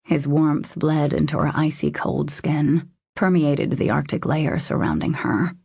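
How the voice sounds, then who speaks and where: A woman narrating a romance audiobook in a steady, measured reading style. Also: low-pitched, vocal fry, breathy edge, no echo. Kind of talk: scripted narration.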